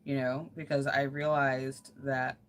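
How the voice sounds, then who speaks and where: A woman's voice: extremely low pitch, level tone, a little slow. A woman livestreaming while crafting, chatting casually in an earnest, rambling way with lots of fillers.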